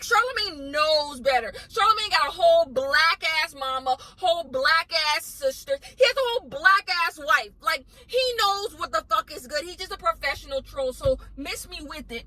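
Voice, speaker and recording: High, bright-voiced woman ranting bluntly. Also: animated, moderate pace, few pauses, low-quality recording. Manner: blunt, emphatic, repetitive. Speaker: commentary vlogger. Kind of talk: ranting commentary.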